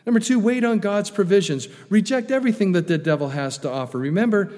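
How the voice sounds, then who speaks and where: A man preaching a sermon, lively and animated, acting out the tempter's coaxing lines with rising emphasis. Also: high voice, fast, long reverb tail. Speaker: pastor.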